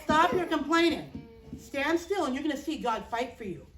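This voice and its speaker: A steady male leader gives firm, soothing orders, as a woman voices him in a Bible story. Her voice stays high and close to her own. The sound is roomy and distant. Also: moderate pace, a crowd in the background. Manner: firm, reassuring commands. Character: calm commanding male leader of a people.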